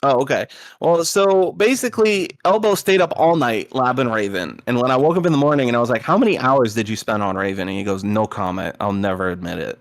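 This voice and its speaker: A young man in casual chat, telling a tournament story with lively acted-out quotes and frequent laughter. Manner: animated storyteller, acts out quotes with big pitch jumps, laughs often.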